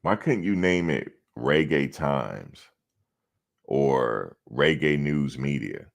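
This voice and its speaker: A man's voice: extremely low pitch, lively intonation, slow, vocal fry. A man hosting a sports show, casually chatting and teasing live-chat viewers, mocking and repeating himself for laughs.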